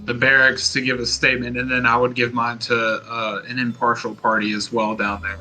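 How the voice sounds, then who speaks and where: A man playing a guard cadet in an online tabletop game, speaking steady and matter-of-fact. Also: medium pitch, fairly quick, soft background music, poor audio. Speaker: player. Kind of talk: in-character tabletop play.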